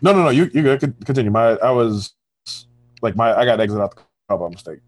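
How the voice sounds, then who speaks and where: A man speaking in quick, casual conversation with an emphatic tone. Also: medium pitch, animated, dry recording.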